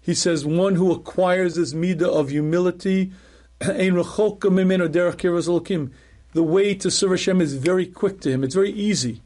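A middle-aged man, a rabbi, teaching a class in a measured, emphatic way, repeating key phrases and often clearing his throat. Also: high voice, a little mellow. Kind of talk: recorded Torah lecture.

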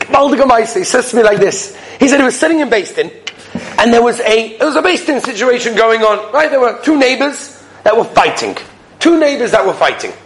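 A man's voice: sits high, a little hiss or hum. A man giving a sermon, telling stories and acting out the people in them, with Hebrew and Yiddish terms mixed in. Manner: storytelling, acts out the people in his stories. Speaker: rabbi giving a weekly Torah talk.

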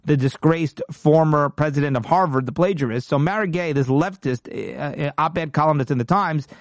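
A man's voice: fairly high pitch, normal speed, no room sound, clean studio sound. A man hosting a political commentary show, talking emphatically and indignantly and often restarting his sentences.

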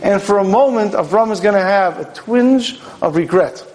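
A man's voice: sits high, moderate pace, a little mellow, rough recording. A man, a rabbi, giving a Torah sermon in a storytelling manner, asking questions and acting out dialogue.

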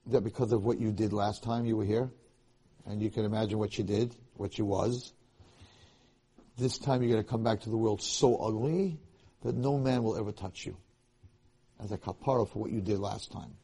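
A man giving a Torah lecture, telling a story in an animated way that restarts and repeats phrases often. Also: lowish voice, moderate pace, pauses often, husky.

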